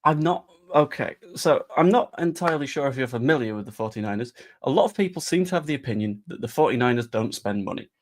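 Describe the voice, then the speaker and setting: A man's voice: medium pitch, expressive, quick pace, hardly any pauses. A man talking casually about football transfers, chatty and sarcastic. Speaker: football fan vlogger. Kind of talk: casual live-stream chat.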